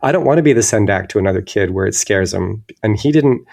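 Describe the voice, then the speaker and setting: A guest illustrator reflects thoughtfully during an interview, searching for words and often restarting his sentences. His lowish, slightly mellow voice is expressive and quick, with some vocal fry.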